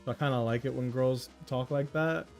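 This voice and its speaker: A young man from New York ranting casually on a livestream in a slangy, animated way. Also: medium pitch, fairly quick, gravelly, soft background music. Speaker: streamer.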